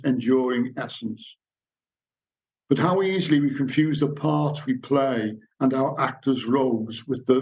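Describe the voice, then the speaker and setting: A middle-aged man lectures to a society gathering, telling anecdotes and reading passages aloud in a storytelling manner. His voice is of ordinary pitch with a darkish tone, and the recording sounds dull and lo-fi.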